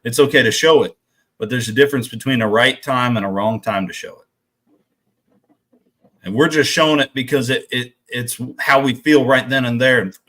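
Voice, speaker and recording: A man co-hosts a podcast with frank, blunt talk and the odd curse. His voice sits at a mid pitch. He restarts and repeats himself as he works out his point. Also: fairly bright tone. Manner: frank and blunt, with some swearing; frequent restarts and repeated words. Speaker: podcast co-host.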